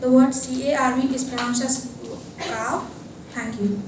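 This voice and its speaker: A woman's voice: sits high, fairly even intonation, unhurried. A young woman student, giving a hesitant classroom presentation and spelling words letter by letter. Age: young adult. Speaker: college student. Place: classroom lab. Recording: echoey room, distant mic, faint hiss.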